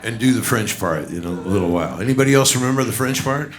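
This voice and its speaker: A man's voice: on the low side, animated, fast. A man, a bandleader emceeing a live tribute on a small pub stage, loose and coaxing with the crowd.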